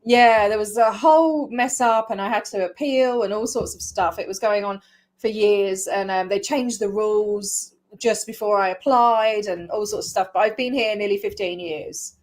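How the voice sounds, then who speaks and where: A woman's voice: medium pitch, normal speed, a little mellow. A woman from Scotland who now speaks with an English accent, hosting a casual video interview in a chatty, rambling way with frequent laughter. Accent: English, faded Scottish. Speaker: host.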